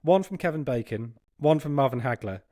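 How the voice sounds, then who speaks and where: A man's voice: medium pitch, a little fast, dry recording, clean studio sound. Guy spinning a yarn, bouncy voice, laughs a lot. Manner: animated, laughing as he tells a story. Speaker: football podcast panelist. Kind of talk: anecdotal storytelling.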